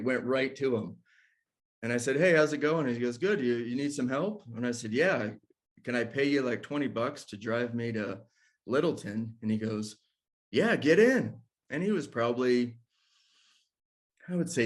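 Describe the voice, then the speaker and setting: A man casually telling a personal story, acting out what people said and laughing between lines. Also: mid-range voice. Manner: animated storyteller who acts out quotes and laughs between lines. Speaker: ministry discussion guest telling a personal story.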